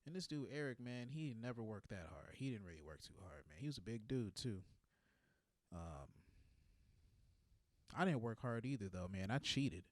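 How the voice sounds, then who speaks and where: A man's voice: lowish voice, lively intonation, moderate pace, long pauses, no room sound. A man in his twenties doing a rambling comedic monologue, laid-back and tagging his lines with "man". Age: 20s.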